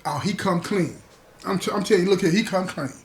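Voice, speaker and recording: A man spins a story from his past in loose, slangy talk, jumping into the other people's lines as he goes. His voice sits a little high for a man. The telling stays casual and lively. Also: fairly quick, slight background noise.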